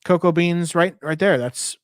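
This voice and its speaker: A man's voice: fairly high pitch, moderate pace, no room sound. A man co-hosting a podcast, chatting casually and telling easygoing travel stories. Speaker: podcast co-host.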